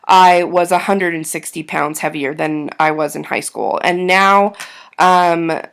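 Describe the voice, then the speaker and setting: A woman's voice: fairly low pitch, steady tone, measured pace, gravelly. A woman in her thirties talking candidly to camera in a casual vlog, self-deprecating and full of ums. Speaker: vlogger.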